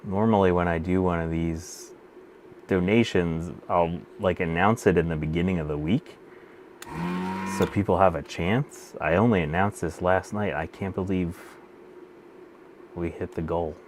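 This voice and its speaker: A streamer who repairs vintage computers chats casually with his live viewers while soldering one, often half under his breath. His voice is low, a little slow, and fairly even, with a noisy background.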